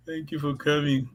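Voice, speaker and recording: A man with a high voice leads a language lesson over a video call. He speaks patiently and haltingly, repeats himself and laughs often. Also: rough recording. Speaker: language teacher. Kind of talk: online language class.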